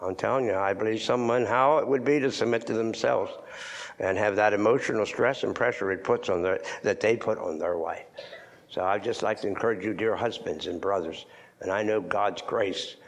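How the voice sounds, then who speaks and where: An older man preaching in a church, moving between loud emphatic lines and hushed near-whispers. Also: fairly low pitch, normal speed. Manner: old-fashioned scripture reading, repeats words for stress. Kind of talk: sermon.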